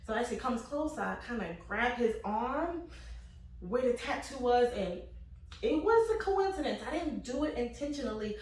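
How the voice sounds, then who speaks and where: This young woman's voice sits on the high side at normal speed as she casually relates a comic tale, laughing and animatedly voicing quoted people. There's slight hiss or hum, an echoey room, and a distant mic.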